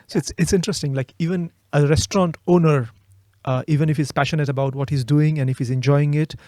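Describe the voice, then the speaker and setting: Mellow-voiced male interview host. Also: fairly high pitch, steady tone, fast talker, no room sound, studio quality. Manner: supplies the right word for his guest. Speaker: host and English teacher. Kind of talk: casual interview chat.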